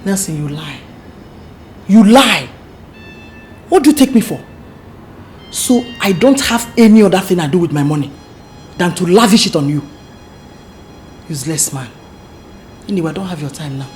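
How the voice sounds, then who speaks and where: A woman's voice: deep voice, lively intonation, a little fast, long pauses, a little mellow. A Nigerian woman playing an angry, demanding wife who scolds sharply, in a film scene with music under it. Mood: scolding. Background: background music.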